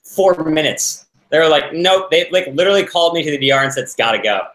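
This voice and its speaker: A man's voice: a little high, fast talker, fairly bright tone. A young adult man hosting a casual recap chat, laid-back and playful, often laughing as he talks. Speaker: show host and former houseguest. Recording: roomy echo.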